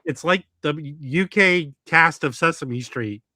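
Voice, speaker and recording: A man's voice: fairly high pitch, takes it slowly, sharp tone, no room sound, clean studio sound. A man in a casual livestream chat who keeps cutting in with joking announcements. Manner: interrupts with jokey announcements. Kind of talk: casual banter.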